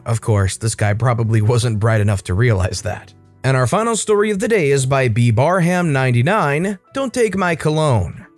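Animated male storytime narrator. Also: medium pitch. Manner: animated, expressive reading. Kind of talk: scripted narration of reddit stories.

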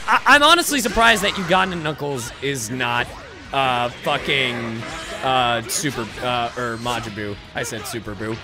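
A young man giving excited gameplay commentary, yelling and trash-talking his opponent as he plays a fighting game. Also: medium pitch, measured pace, faint music behind. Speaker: gaming YouTuber playing a fighting game.

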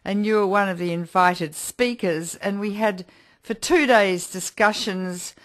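A woman hosts a radio interview program, her voice sitting at an ordinary middle pitch. She introduces her guest formally and recounts how they met, with a few small restarts. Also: unhurried. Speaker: radio show host. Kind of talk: hosted interview.

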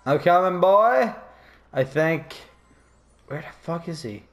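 A man's voice: on the high side, expressive, takes it slowly, faint music behind. A drunk man rambling and laughing in casual chat while playing a video game. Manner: giggly, rambling, loud outbursts. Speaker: gamer.

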